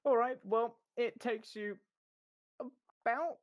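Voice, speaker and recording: A man's voice: very high-pitched, slow pace, lo-fi sound. A man narrating as game master, playful and laughing often.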